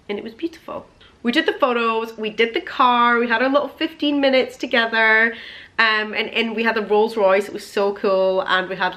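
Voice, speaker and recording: A woman's voice: mid-range voice, sharp tone. A young woman chatting casually to camera as a vlogger, telling a long story in a gushing, emotional way with plenty of fillers.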